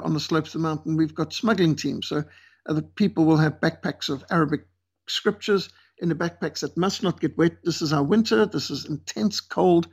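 A man's voice: on the high side, creaky, breathy edge. A male missionary leader as an interview guest, talking earnestly and emphatically with some fillers.

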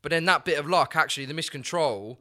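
Bright-voiced man arguing his case. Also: a little high, fast talker, no echo, studio quality. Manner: argumentative, jokey. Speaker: regular podcast pundit. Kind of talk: casual chat.

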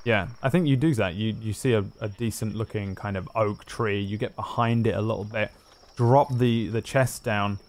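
A man narrating as game master in a tabletop game, relaxed and rambling with many fillers. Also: on the low side.

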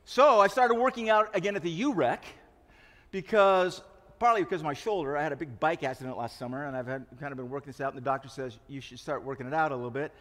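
Guy in his 60s preaching, kinda high voice, jokey confessional stories, echoey big hall. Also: quick pace. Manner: confessional storytelling, self-mocking, lively. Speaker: pastor. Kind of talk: sermon. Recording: long reverb of a large hall.

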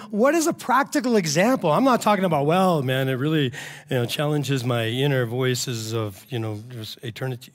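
A man preaching a sermon, talking casually to the congregation, moving between quiet, reflective stretches and loud, excited bursts. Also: sits high. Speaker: pastor.

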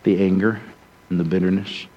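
A man from Rhode Island preaching a sermon as a story, swinging between emphatic passages and hushed, soft ones. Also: sits low, level tone, moderate pace, lo-fi sound. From Rhode Island, USA.

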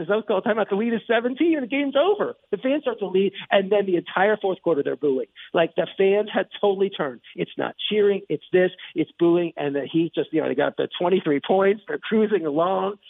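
High-pitched gravelly man on a tinny line. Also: dry recording. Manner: excited, rambling, many restarts and asides. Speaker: sports talk host. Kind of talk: casual sports commentary monologue. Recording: tinny phone-like radio line.

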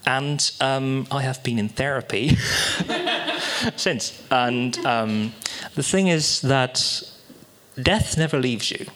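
A man performing a halting, confessional stand-up set at a small live venue, darkly joking with the audience. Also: medium pitch, sing-song, fairly bright tone.

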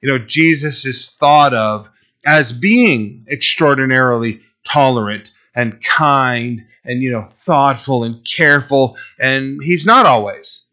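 Conversational male preacher, bright lo-fi sound. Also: medium pitch, takes it slowly. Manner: conversational preaching, acts out voices of Bible figures. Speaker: pastor. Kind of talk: sermon.

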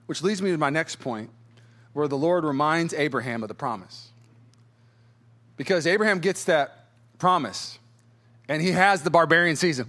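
Animated pastor, slightly high voice. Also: male voice, normal speed. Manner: animated, acts out quotes in voices; chuckles as he talks. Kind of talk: storytelling sermon.

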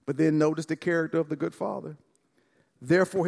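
Pastor guy preaching big in a church, kinda high voice, echoey long reverb, acts out the lines. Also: normal speed, creaky. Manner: animated preaching, acts out dialogue, repeats words. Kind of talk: sermon. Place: church sanctuary.

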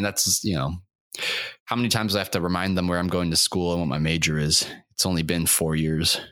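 A man's voice: low voice, no echo, clean studio sound. A man in his twenties hosting a solo comedy podcast, rambling erratically and mocking himself, with a throat sore from screaming. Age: 20s. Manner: erratic, self-mocking, swings into shouting and silly sing-song bits. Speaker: podcast host.

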